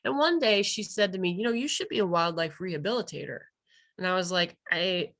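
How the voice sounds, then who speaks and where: A woman gives a continuing education talk as a wildlife rehabilitator. Her voice is bright and crisp. She tells her story with animation and acts out the other people's lines. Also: on the low side, fairly quick. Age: 30s. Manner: lively storytelling, acting out quoted dialogue. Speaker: wildlife rehabilitator and vet tech presenter.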